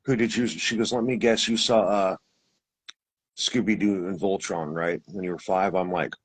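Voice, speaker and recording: Husky-voiced man telling a rambling story. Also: deep voice, steady tone, normal speed, low-quality recording. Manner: rambling, restarts and acts out quoted voices. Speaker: guest telling his experience. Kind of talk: casual storytelling.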